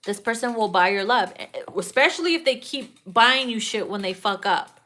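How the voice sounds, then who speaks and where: A woman's voice: medium pitch, animated, normal speed, fairly bright tone. A young adult woman giving a casual tarot reading, sassy and profane, often breaking into laughter at her own jokes. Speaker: tarot reader.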